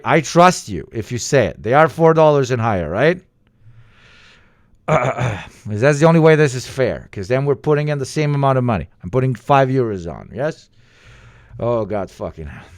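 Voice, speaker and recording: A man hosting a livestream in casual chat, excitable and swearing, pleading loudly with his viewers. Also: medium pitch, no echo, studio quality. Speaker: livestream host.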